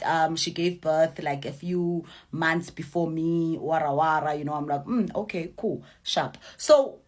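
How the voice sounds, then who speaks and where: A young South African woman whose first language is Swati tells her own story casually as a mother, repeating phrases for emphasis and slipping in Zulu and Swati words. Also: lowish voice. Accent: South African English.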